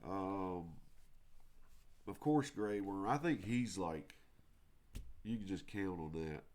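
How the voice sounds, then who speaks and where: A man co-hosting a casual live stream, relaxed, dropping dry joking asides. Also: deep voice, slow pace. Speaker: livestream co-host.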